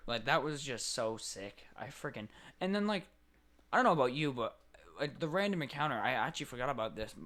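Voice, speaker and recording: A young man co-hosting a casual podcast, telling game stories with lively acted-out voices. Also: medium pitch, a little fast. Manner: animated storyteller, acts out game characters. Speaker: podcast co-host. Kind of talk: casual chat.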